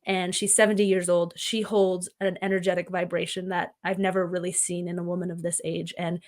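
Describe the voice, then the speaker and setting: Lower-voiced woman telling a story. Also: flat delivery, a little fast, a little mellow. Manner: reflective, storytelling, earnest. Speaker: podcast guest. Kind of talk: conversational podcast chat.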